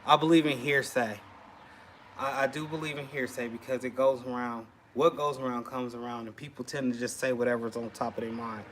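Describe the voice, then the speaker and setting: A man's voice: medium pitch, steady tone, a little fast, a bit bright, a little hiss or hum. A man, chatting casually to camera in a rambling, laid-back way. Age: 40s. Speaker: custom shirt maker vlogger.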